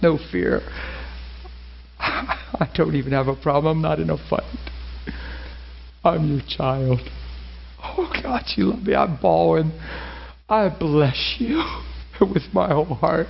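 A man preaching a sermon, telling a personal story and acting out the dialogue with lively feeling. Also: on the high side, creaky. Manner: animated, acts out dialogue, laughs and cries while telling. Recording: muffled lo-fi recording with faint hiss.

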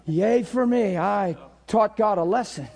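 A middle-aged male pastor preaching a sermon with passion, dropping to near whispers and rising to shouts. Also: sits high, measured pace. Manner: impassioned preaching that swings between hushed and shouted.

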